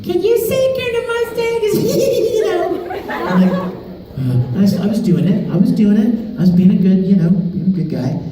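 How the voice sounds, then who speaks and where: A man telling stories to fans as a convention panel guest, animated and laughing as he talks. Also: medium pitch. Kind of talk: storytelling to a live audience. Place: large convention hall. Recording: echoey hall, far mic, crowd noise.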